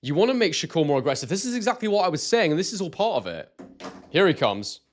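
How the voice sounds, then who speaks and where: A young British man from Scotland with a London-like accent, hosting a live boxing stream in casual commentary and reading out chat messages excitedly. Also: on the high side, fast talker. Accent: southern English, London-like.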